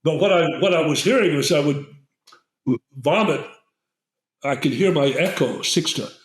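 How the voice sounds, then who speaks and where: A man's voice: fairly high pitch, normal speed. An older man, a guest, telling a long story with many fillers and restarts. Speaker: guest herbalist. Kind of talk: storytelling in conversation. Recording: roomy echo.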